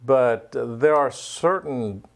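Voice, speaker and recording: A man's voice: medium pitch, slow pace, vocal fry. A man, a guest on a studio talk show, explaining things emphatically and repeating his key points. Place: recording studio.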